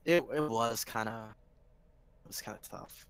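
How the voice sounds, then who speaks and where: A man chatting casually about video games with friends, excitable and quick to swear. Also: mid-range voice, clear, resonant tone. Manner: excitable, swears, calls everyone dude. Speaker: stream co-host. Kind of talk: casual gaming chat.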